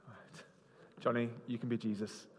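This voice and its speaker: Speaking at a moderate pace in a mid-range voice, a man runs an interactive sermon with plenty of humor. He's animated, teasing the volunteers and telling them where to go on stage, all under the long reverb of a large hall.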